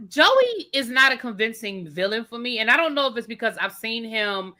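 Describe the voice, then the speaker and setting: Bright emphatic woman chatting casually. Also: fairly high pitch, big pitch swings, normal speed. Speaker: co-host of a soap opera recap show. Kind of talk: casual livestream chat.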